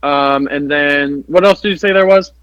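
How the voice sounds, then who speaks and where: A man's voice: a little high, moderate pace, fairly bright tone, smooth, no echo, highs cut off. A man playing a horror tabletop game, hesitant and playful, often stammering. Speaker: player. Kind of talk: tabletop role-play.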